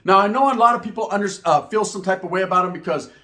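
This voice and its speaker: A man from Northern California, talking to camera as a YouTuber in casual opinion commentary, animated and slangy, full of rhetorical asides. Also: sits high, very fast.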